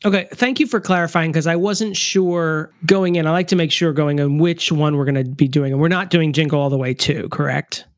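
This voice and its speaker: Deadpan man riffing on a podcast. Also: on the high side, brisk, hardly any pauses, no room sound, clean studio sound. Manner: deadpan, rambling riffs full of fillers. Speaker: podcast co-host. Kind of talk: casual comedic chat.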